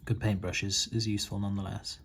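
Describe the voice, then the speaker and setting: A middle-aged man calmly talking through a model-building tutorial, often hesitating and restarting his sentences. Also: on the low side, fast talker, vocal fry, very noisy. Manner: hesitant, with frequent restarts and fillers. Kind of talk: relaxed tutorial voice-over.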